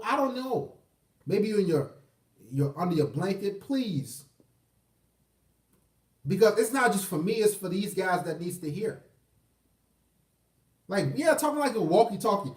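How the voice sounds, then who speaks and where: Man, call-in host, blunt, profane, slightly high voice, roomy echo, distant from mic. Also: very animated, measured pace, long pauses. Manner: blunt, profane, pleading with callers. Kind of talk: casual live-stream call-in talk. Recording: echoey room, off-mic.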